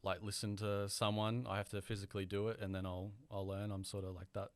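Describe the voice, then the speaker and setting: Young Australian man, smooth low voice. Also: flat delivery, a little fast, no room sound. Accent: mild Australian. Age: young adult. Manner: hesitant, filler-heavy, rambling. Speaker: guest audio engineer. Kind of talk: casual podcast interview.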